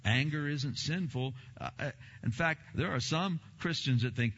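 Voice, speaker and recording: A middle-aged male pastor preaching a sermon in an emphatic, repetitive style, with sudden loud bursts. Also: fairly high pitch, moderate pace, husky. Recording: muffled sound with long hall reverb.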